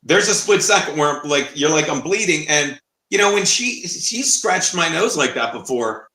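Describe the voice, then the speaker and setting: A man co-hosting a casual livestream chat, loud and swearing, laughing through his stories. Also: on the high side, expressive, normal speed. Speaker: co-host. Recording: echoey room.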